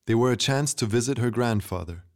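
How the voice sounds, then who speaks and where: A man narrating a story in a measured, steady storytelling delivery. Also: medium pitch. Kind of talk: scripted narration.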